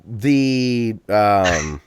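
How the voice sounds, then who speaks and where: A man hosting a casual gaming podcast, talking in an easygoing, halting way with frequent restarts. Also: on the low side, lively intonation, smooth, no room sound. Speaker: podcast host.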